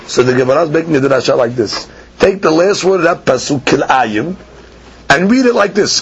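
Man, Talmud teacher, gravelly voice, sing-song chanting, dull lo-fi recording. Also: on the high side, expressive. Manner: sing-song reading of the text, then quick plain explanation; asks and answers his own questions. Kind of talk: Talmud lecture. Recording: dull lo-fi podcast recording with faint ambience.

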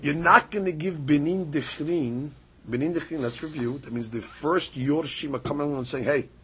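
A man with a slightly high voice teaches a Talmud lesson at normal speed, against slight background noise. He explains a passage back and forth, reading out Aramaic lines between English, and his animated delivery rises sharply on key points.

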